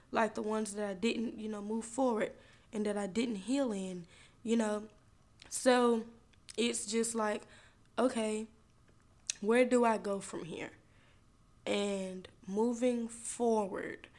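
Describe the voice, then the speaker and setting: A woman podcast host talking candidly and emotionally about her healing and faith, speaking to listeners as y'all. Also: mid-range voice. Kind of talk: personal faith testimony.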